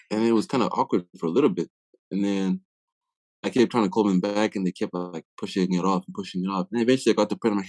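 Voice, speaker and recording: A man's voice: low voice, quick pace, darkish tone, dry recording. A young man from Africa, a podcast guest, telling a story in a casual way. He acts out quoted dialogue and often uses "like" as a filler.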